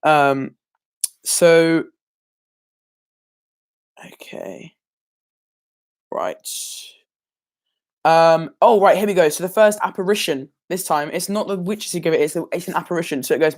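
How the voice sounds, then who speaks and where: This teen's voice sits fairly high, and he talks at a measured pace broken by long pauses. Revising for an exam on a casual livestream, he rambles hesitantly, stumbling through ums and fixing his own words.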